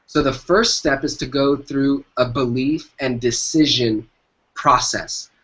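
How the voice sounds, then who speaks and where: Taking his time, a medium-pitched man with fairly even intonation and a fairly bright tone speaks as an entrepreneur guest. He emphatically gives motivational business advice in the interview and repeats his key phrases. The recording is dull and lo-fi.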